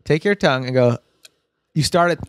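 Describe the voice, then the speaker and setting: Excitable man, lively guest voice. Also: on the high side, brisk. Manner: excitable, says "dude" a lot. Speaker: podcast guest. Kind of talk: casual podcast chat.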